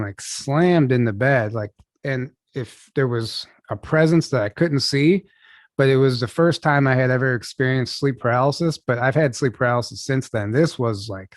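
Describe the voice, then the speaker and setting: Young man, casual halting storyteller, dry close sound, guest on a video call. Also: mid-range voice, no echo. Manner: casual, halting, lots of "like" and restarts. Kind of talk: storytelling in an interview.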